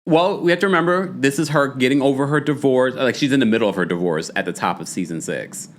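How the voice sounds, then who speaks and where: Speaking quickly in a medium-pitched voice, a man hosts a stream recapping reality TV. He stays animated and laughing, reads out comments from the chat, and acts out taglines in a dramatic voice.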